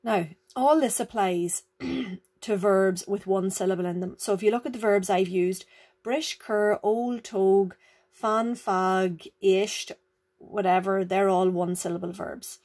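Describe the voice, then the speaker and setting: A woman teaches a grammar lesson. She explains each rule patiently, repeats it, and keeps asking the learner whether they follow. Her voice sits at an ordinary middle pitch. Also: a little slow, darkish tone. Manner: patient, repeats rules, checks understanding with "right?" and "okay?". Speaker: Irish language teacher.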